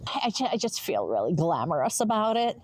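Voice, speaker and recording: Woman co-host, low-pitched voice, joking and playful, faint hum behind. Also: big pitch swings, a little fast. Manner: playful, joking, laughs easily. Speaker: podcast co-host. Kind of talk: casual podcast chat.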